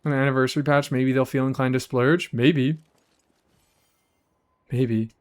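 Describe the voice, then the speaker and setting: A man streaming a game live, chatting casually with his audience in an animated, rambling way and swearing freely. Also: medium pitch, unhurried.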